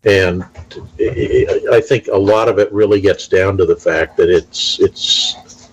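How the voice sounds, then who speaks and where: A middle-aged man in casual conversation, telling stories in a measured, unhurried way. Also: low-pitched, husky, low-quality recording. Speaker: talk show participant. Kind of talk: casual chat.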